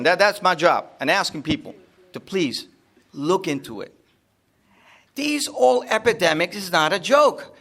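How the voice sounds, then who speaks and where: High-voiced man, rambling and jokey. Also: vocal fry, a bit bright. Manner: rambling, jokey, repeats himself. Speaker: seminar speaker. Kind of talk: informal talk to a live audience. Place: seminar room.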